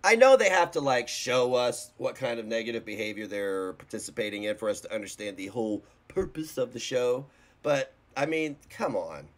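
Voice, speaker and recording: A man's voice: medium pitch, expressive, normal speed. A man hosting a reaction video, giving casual commentary in a rambling, blunt and mocking way.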